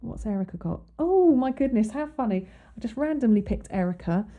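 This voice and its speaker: Animated and brisk, a woman with a fairly high, warm voice hosts an astrology podcast. She gives a chatty, casual explanation, stumbling into ums and restarts and reading quotes aloud.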